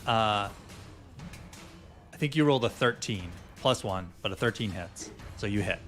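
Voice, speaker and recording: A man's voice: fairly low pitch, a little slow. A man running a tabletop fantasy game as dungeon master, narrating and checking rules with many fillers. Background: soft fantasy music.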